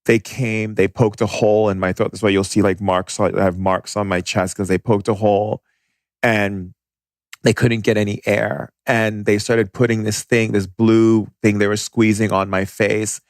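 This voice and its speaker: A man's voice: fairly low pitch, little pitch movement, normal speed, no room sound, clean studio sound. A man telling a personal story as a podcast guest, intense and vivid.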